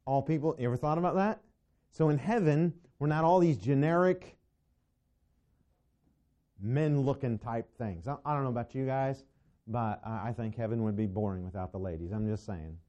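Deep-toned man teaching a Bible class. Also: normal speed, dark tone. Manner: conversational and digressive, with asides to the class.

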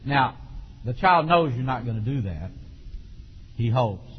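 A man preaching a sermon on raising children, acting out parents and children and bursting into shouts. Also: medium pitch, animated, unhurried, slightly rough, highs cut off.

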